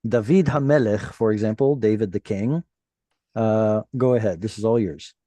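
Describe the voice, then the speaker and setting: A patient man leads an online reading class, praising his students and explaining each point step by step. His voice is mellow and dry, close to the mic, heard over a video call. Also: fairly low pitch, moderate pace, no room sound. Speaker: Hebrew teacher.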